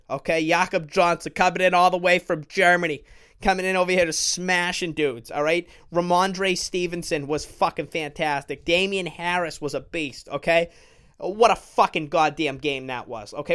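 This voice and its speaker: A man's voice: fairly high pitch, fairly bright tone, clear, resonant tone. Fired-up, profane man ranting. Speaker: podcast host. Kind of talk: ranting solo sports podcast. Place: bedroom.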